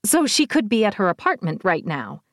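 A woman's voice: very animated, fairly quick, a bit bright, no echo, studio quality. A woman reading an audiobook, voicing a weakened, imperious villainous sorceress who seethes and snaps. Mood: furious. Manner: seething, snapping, shrill. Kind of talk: audiobook character voice.

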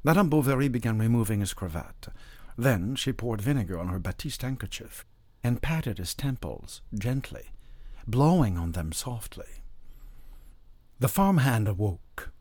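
A man narrates a classic novel as an audiobook, storytelling in a measured way. His mid-range voice is expressive with a dark tone, and there is no echo.

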